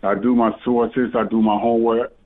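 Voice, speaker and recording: A man's voice: medium pitch, level tone, normal speed. A man calling in on a phone, rambling and hesitant, stopping and restarting with many fillers. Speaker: caller. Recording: tinny phone line.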